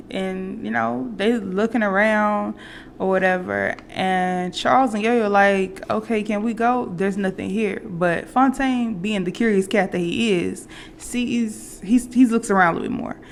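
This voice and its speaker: A woman's voice: mid-range voice, measured pace, vocal fry, slight background noise. A woman vlogger casually retelling a movie plot, rambling with fillers and restarts. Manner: acts out quoted characters.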